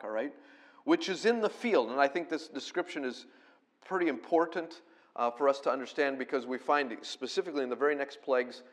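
A man preaching a conversational sermon, explaining scripture verse by verse and rising to loud, emphatic peaks when he quotes it. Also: mid-range voice. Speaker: pastor.

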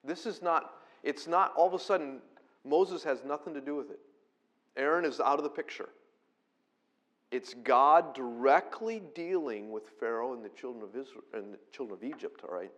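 A man preaching a conversational sermon, explaining scripture verse by verse and rising to loud, emphatic peaks when he quotes it. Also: medium pitch, moderate pace. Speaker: pastor.

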